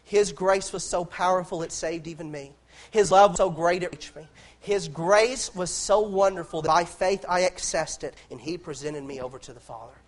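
A man's voice: high voice, normal speed. A man preaching a sermon in an impassioned way, repeating phrases and restarting lines as he builds.

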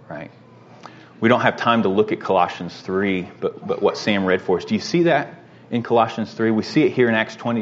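A man teaching a Bible lesson in a conversational way, often pausing with fillers and asking "right?". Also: lowish voice, dull audio.

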